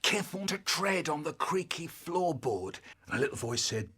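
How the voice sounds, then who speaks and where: A man's voice: a little high, expressive, normal speed, sharp tone, breathy edge. A man telling a childhood story in sentence-mixed clips, jumping into character voices.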